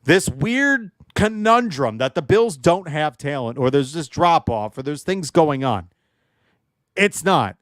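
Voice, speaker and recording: A man's voice: a little high, animated, a little slow, a bit bright, dry recording, clean studio sound. A young adult man hosting a livestream football show, emotionally charged and ranting while joking with his chat. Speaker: sports show host.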